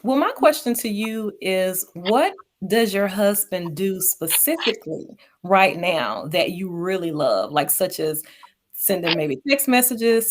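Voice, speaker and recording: A woman's voice: mid-range voice, a little hiss or hum. A woman co-hosting a talk show, asking questions and chatting with laughter. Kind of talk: casual talk show chat.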